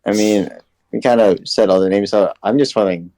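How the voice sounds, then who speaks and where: A man with a fairly low voice, talking laid-back and blunt in a casual film review chat. He swears now and then. The recording is dry and close. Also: fairly quick, mellow, dry recording. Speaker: podcast co-host.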